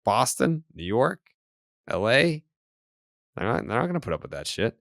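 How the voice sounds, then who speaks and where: A man's voice: mid-range voice, very animated, normal speed, gravelly, a bit bright, dry recording, clean studio sound. A man co-hosting a podcast, trading wisecracking, profane banter about sports. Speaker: podcast co-host. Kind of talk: casual sports chat.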